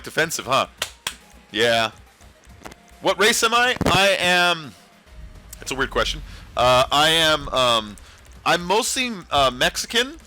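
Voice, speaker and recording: A man's voice: a little high, pushed and bright. A man hosting a casual livestream, rambling and talking back to his chat. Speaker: livestream host.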